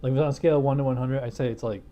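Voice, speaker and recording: Racing along in a steady, mellow, mid-range voice, a man gives a casual beer review from his home studio. He rambles with many fillers and restarts and chuckles at his own jokes, recorded through a wireless lapel mic hidden behind a studio mic.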